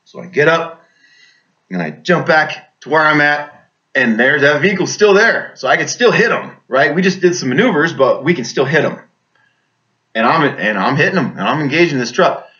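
A man's voice: fairly high pitch, animated, moderate pace, sharp tone, highs cut off. A man, an army veteran, telling a combat story in vivid, intense casual speech, often restarting his sentences.

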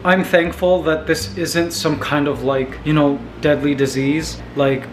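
A man hosting a casual vlog at home, playful and animated, his voice jumping up high when he gets excited. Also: unhurried, noisy background. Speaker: vlogger host. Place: apartment indoors.

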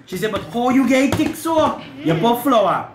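A Trinidadian man hosts a home cooking show, teasing and laughing his way through casual kitchen chat. His voice rises and falls a lot in pitch. The recording sounds echoey, with noise clearly in the background. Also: normal speed. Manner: teasing, laughing, lively creole banter.

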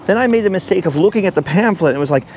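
A middle-aged man vlogging outdoors from a high forest walkway, nervous and breathless, laughing at himself and repeating his worries. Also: lively intonation, racing, a little mellow, a little hiss or hum. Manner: jittery and self-mocking, laughs often, repeats himself. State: breathless from nerves. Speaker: travel vlogger. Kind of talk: nervous chatter to camera while walking a treetop trail.

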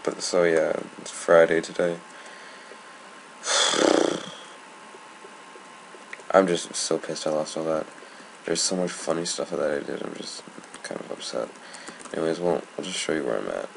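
Gravelly low-voiced guy, annoyed gamer. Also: measured pace, pauses often. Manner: annoyed, swearing, rambling. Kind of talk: casual gameplay commentary. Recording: noisy home recording.

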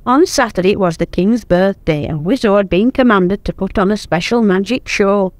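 An older woman reading a children's story aloud in a gentle, expressive way, recorded at home on tape. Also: medium pitch, normal speed, dry recording.

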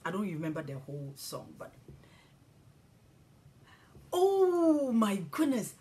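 A woman from Ghana telling a spiritual testimony, animated and emotional, with hushed, awed passages. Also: medium pitch, measured pace, slight background noise. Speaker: Christian speaker.

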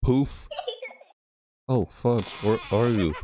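A gaming channel host talks through a horror game let's play, grumbling at the game and yelping or crying out whenever something startles him. His medium-pitched voice is animated and a little slow, with loud music playing behind it.

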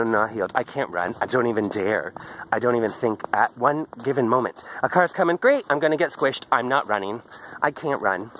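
A man's voice: mid-range voice, a bit bright, low-quality recording. An open, talkative man keeps up a meandering video diary as he strolls outdoors, his phone held close. His voice sits in a middling range, and a faint hiss runs under it. He wanders between topics and laughs at himself. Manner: candid, chatty, drifts off topic, laughs a lot. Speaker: video diarist. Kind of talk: rambling walk-and-talk video journal. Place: outdoors on a daily walk in a park. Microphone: handheld phone.

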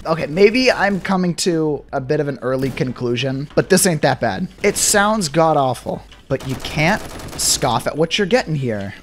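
A young man giving casual gameplay commentary, excitable and sarcastic, swinging between mock despair and glee. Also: on the high side, normal speed, slight background noise. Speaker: gaming YouTuber.

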